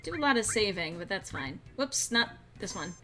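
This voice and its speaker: A woman's voice: medium pitch, sing-song, normal speed, music in the background. A woman streaming a game and chatting casually with friends, laughing often.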